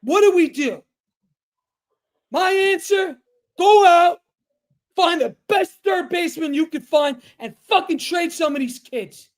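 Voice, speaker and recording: A man co-hosting a sports podcast, ranting angrily, shouting and swearing a lot. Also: very high-pitched, measured pace, pauses often. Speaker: podcast co-host. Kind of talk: heated sports rant.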